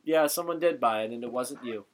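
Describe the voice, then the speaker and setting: A young man co-hosting a casual podcast, telling stories in an animated way, swearing casually and often laughing. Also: mid-range voice, a little fast. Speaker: podcast co-host. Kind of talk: casual chat.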